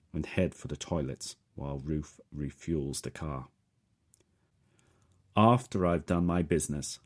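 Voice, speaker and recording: A man with a very deep voice reads a first-person story in a steady, measured way. His tone is husky and a little rough around the edges. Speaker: audiobook narrator. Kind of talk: first-person audiobook narration.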